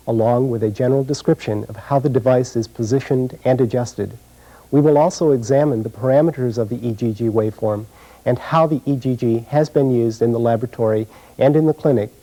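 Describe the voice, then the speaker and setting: Man narrating, dark measured voice. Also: mid-range voice, low-quality recording. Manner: measured, technical. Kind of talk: scripted narration.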